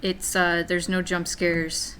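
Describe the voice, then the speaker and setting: Casual woman let's-player, thinks aloud, low-ish voice. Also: monotone, takes it slowly, fairly bright tone, a little hiss or hum. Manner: chatty, self-deprecating, thinks aloud. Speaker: game streamer. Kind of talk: casual gameplay commentary.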